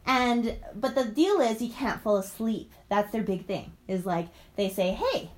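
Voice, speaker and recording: A woman's voice: medium pitch, unhurried. A woman yoga teacher chatting enthusiastically in a casual vlog, talking while she moves through yoga poses. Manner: chatty, enthusiastic, rambling with many fillers.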